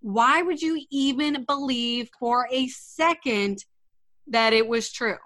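Incredulous woman in casual chat, higher voice. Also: slow pace, a bit bright. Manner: incredulous, emphatic, many "like" fillers. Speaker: podcast co-host.

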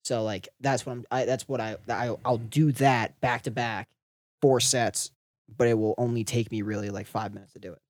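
A woman's voice: rumbling low, steady tone, moderate pace, darkish tone, dry recording, studio quality. A woman co-hosting a podcast in casual chat, rambling through profane stories full of fillers. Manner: loose, rambling, profane storytelling with many fillers. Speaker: podcast co-host.

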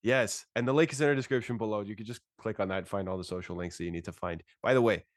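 A man's voice: on the low side, very fast, no echo, clean studio sound. A man hosting a casual podcast, laid-back and chatty, congested and fighting phlegm. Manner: laid-back, says "bro" a lot. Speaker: podcast host.

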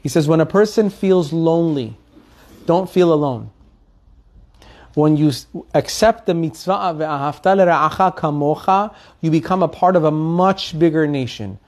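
A man's voice: a little high, moderate pace. A man giving a weekly Torah lesson, telling stories earnestly and asking his listeners rhetorical questions. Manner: animated storytelling with rhetorical questions. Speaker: Torah teacher.

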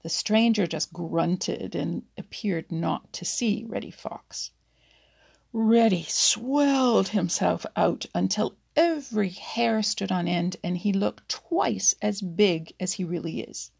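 A woman reading a children's storybook aloud, soft and unhurried, often half-whispered. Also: mid-range voice, creaky, breathy edge.

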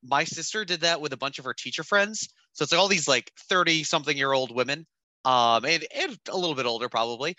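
A man's voice: on the high side, fast talker, pushed and bright, dry recording. A young man telling stories in casual podcast chat, loose and laughing, full of fillers.

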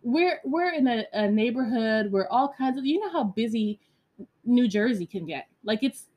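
A woman podcast host telling a story in a casual monologue, animated and blunt, with many fillers and some profanity. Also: fairly high pitch, normal speed.

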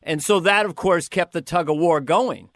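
Animated older comic telling stories, higher voice. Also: male voice, normal speed, no echo, clean studio sound. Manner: animated storyteller, laughing and stammering through anecdotes. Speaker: comedian guest. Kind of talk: casual interview.

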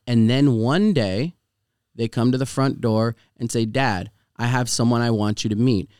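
Male host, crisp dry voice, loose profane storyteller who jumps up in pitch to play the people in his stories. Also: moderate pace, dry recording. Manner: animated, profane, laughing storyteller; voice jumps high when acting out people in the story. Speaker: podcast host. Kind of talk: casual chat, storytelling.

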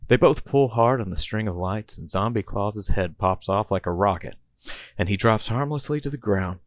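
A man's voice: on the low side, moderate pace, dry recording. A man and podcast host reading out a comedy story in a playful storytelling manner. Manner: playful storyteller, chuckling between bits.

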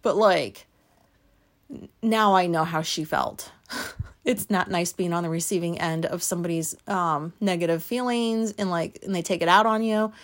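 A woman's voice: fairly low pitch, moderate pace. A woman podcaster telling a personal story in a candid, chatty way, swearing freely and often breaking into laughter.

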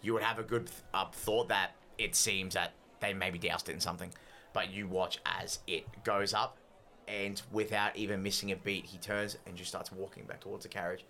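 Gravelly low-voiced man running a game. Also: little pitch movement, normal speed, bright, forceful tone, slight background noise. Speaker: game master. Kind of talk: narrating a tabletop game.

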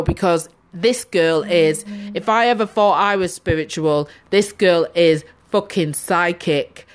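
A middle-aged woman telling a story in casual chat on a podcast, frank and full of swearing. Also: lowish voice.

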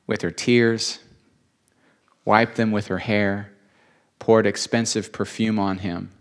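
A man's voice: lowish voice, fairly bright tone. A man preaching a sermon, earnest and emotional, repeating phrases for emphasis.

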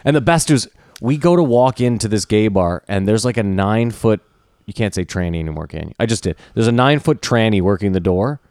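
A lower-voiced man, a podcast co-host, tells a rambling story in a dry, close-miked room. He swears freely and jumps into the voices of the people in his story, going low and flat for some and high and loud for his own outbursts. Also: fairly quick, no room sound. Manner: animated, profane, acts out quoted voices. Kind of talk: casual storytelling.

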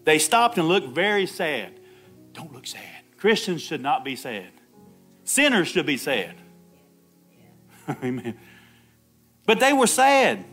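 A man's voice: a little high, very animated, slow, long pauses, a bit bright, breathy edge, soft background music. A man preaching an Easter sermon, laughing often, calling out "Amen" and acting out the Bible dialogue himself. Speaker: pastor.

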